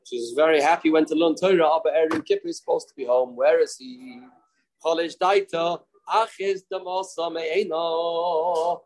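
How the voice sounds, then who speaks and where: Man, Talmud teacher, repeats phrases, story-driven lesson, somewhat high pitch. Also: normal speed, a little mellow, low-quality recording. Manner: storytelling, repeats phrases, mixes in Hebrew and Yiddish terms. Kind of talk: daily Talmud class.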